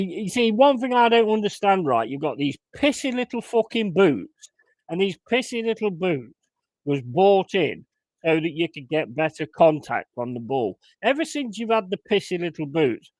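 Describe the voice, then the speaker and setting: A man's voice: sits high, a little mellow, no room sound. Sweary man ranting at football. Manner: swearing, exasperated ranting outbursts. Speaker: fan watchalong host. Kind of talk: live match commentary and chat.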